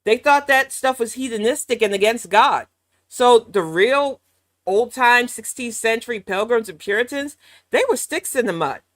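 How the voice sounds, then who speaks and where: A woman's voice: on the high side, moderate pace, no echo, studio quality. An American woman hosting a reaction commentary, blunt and sarcastic, swearing freely. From United States. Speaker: commentary channel host.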